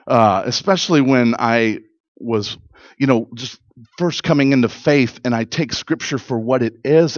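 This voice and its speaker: A man's voice: mid-range voice, dry recording, dull audio. A middle-aged pastor preaching in an earnest, conversational way, often restarting his sentences and building to emphatic peaks. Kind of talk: sermon.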